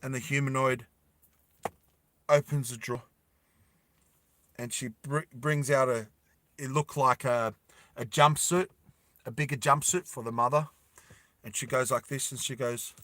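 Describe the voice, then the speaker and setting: A man telling a dramatic story slowly and deliberately, with emphatic repetition. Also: medium pitch, fairly even intonation, pushed and bright, dry recording. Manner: slow deliberate with emphatic repeats.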